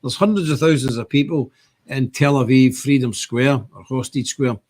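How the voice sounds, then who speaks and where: Older man with a husky voice. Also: medium pitch, moderate pace, a little mellow. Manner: rambling, emphatic, reads viewer comments aloud. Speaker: show host. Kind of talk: casual political commentary livestream.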